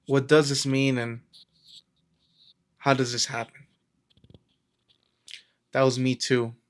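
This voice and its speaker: A man's voice: medium pitch, little pitch movement, takes it slowly. Casual rambling male self-help vlogger. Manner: rambling, storytelling, acts out quotes, frequent fillers. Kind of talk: casual motivational talk to camera.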